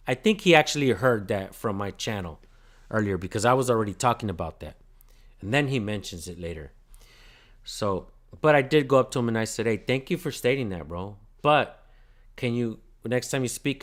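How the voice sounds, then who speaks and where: Blunt, profane man telling a story. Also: medium pitch. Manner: profane, blunt, thanks viewers by name. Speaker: channel host filming police. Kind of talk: casual livestream storytelling.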